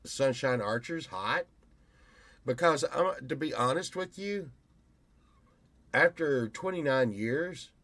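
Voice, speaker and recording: A man in his fifties talks at an unhurried, drawn-out pace, rambling from one story to the next in a casual vlog monologue. He restarts his sentences often. The recording is close and dry. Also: medium pitch, expressive, fairly bright tone, dry recording. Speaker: YouTuber.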